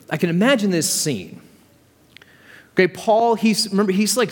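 A man's voice: fairly high pitch, long reverb tail. A man preaching a sermon as pastor, in a conversational, vivid storytelling manner.

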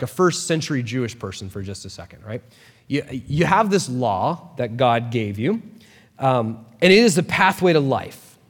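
A man preaching a sermon as a pastor, talking in a casual, animated way with quick asides. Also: a little high, big-room sound.

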